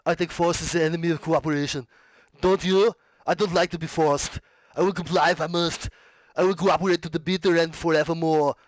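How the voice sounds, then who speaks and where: A stern, tough-guy action-hero impression, done by a man. He lands each line slowly and with weight, in a slightly raised voice. The sound is dry and close. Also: on the high side, steady tone, no room sound, lightly acted.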